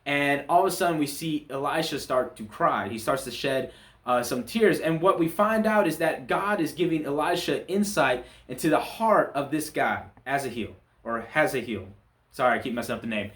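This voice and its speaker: A man giving a relaxed, conversational talk on a Bible chapter, often restarting his sentences as he explains the story. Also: a little high, moderate pace, roomy sound. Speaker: church Bible study teacher. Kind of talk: casual Bible chapter commentary.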